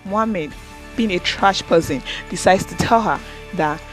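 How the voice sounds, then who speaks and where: A woman with a fairly low voice speaks unhurriedly over soft background music, recapping an episode in a casual reaction video. She chats directly to viewers, calling them "guys," and acts out the characters' lines with lively quoted dialogue.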